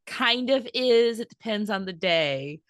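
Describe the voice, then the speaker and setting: A woman in casual chat, talking in a chatty way with halting restarts. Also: medium pitch, animated, a bit bright, dry recording, clean studio sound.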